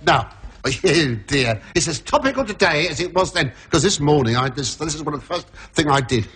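A man telling a long joke story, hoarse from laryngitis, rambling and chuckling at his own lines. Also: a little high, lively intonation, moderate pace, fairly bright tone. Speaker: comedian.

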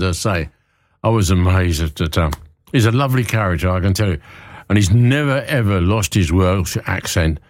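A man's voice: deep voice, lively intonation, normal speed, no room sound. Guy rambling on like a hospital radio host, kinda folksy, dry studio sound. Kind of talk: casual radio presenting.

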